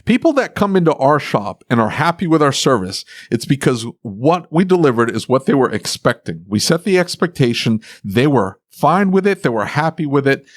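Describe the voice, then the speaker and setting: A man's voice: medium pitch, very animated, normal speed, hardly any pauses, dry recording, clean studio sound. A man co-hosting a podcast, ranting sarcastically about customers in casual chat. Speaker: podcast co-host, repair shop owner.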